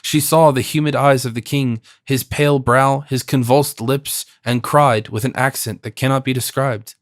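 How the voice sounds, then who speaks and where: A man narrating a classic novel as an audiobook, in a measured, expressive reading. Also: mid-range voice, no room sound, studio quality.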